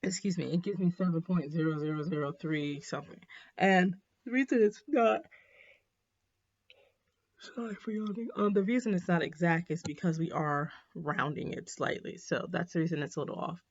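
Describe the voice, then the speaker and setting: A woman teaching a math lesson in a casual, chatty way, with frequent ums and quick apologies for her slips. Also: on the low side, steady tone, a little mellow. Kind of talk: recorded classroom lesson. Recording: dull, slightly lo-fi.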